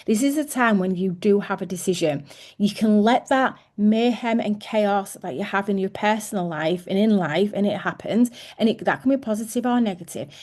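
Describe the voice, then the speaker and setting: A woman's voice: mid-range voice, normal speed, darkish tone. A woman in her thirties giving a chatty coaching talk to her sales team as team leader, with many fillers and restarts.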